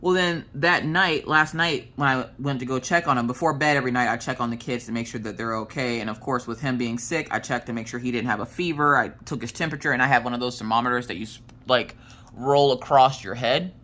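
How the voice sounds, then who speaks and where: A woman vlogger in casual storytime chat, frank and animated as she tells a family story. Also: a bass voice, quick pace. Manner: animated, frank storyteller who acts out quoted voices. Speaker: crafting vlogger.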